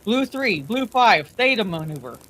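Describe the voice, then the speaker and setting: A woman's voice: medium pitch, lively intonation, normal speed, lightly acted. Clipped woman voicing a soldier commander. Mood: commanding. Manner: clipped orders. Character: terse male super-soldier squad leader, calm, commanding.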